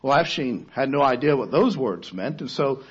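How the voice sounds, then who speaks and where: A man preaching a sermon, telling a story dramatically, rising to loud cries and then falling to a near-hush. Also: mid-range voice, expressive, normal speed, slightly rough, muffled recording.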